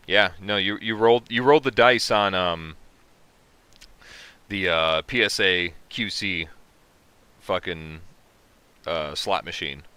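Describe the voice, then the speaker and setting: A man's voice: deep voice, pushed and bright, clear, resonant tone, dry recording. A man hosting a casual livestream, reading chat comments aloud and answering them with profane jokes. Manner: profane, joking, reacting to chat. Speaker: livestream host.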